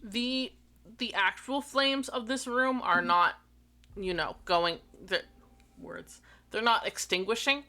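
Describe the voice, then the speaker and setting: A woman narrating as game master of a tabletop game, rambling with many fillers and quick apologies. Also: a little high, pushed and bright.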